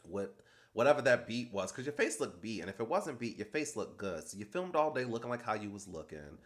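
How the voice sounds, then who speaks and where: A man's voice: on the low side, big pitch swings, fairly quick. A man casually recapping a reality TV episode, chatty and gossipy, acting out quoted lines in playful mock voices. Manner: chatty and gossipy, laughs at his own jokes.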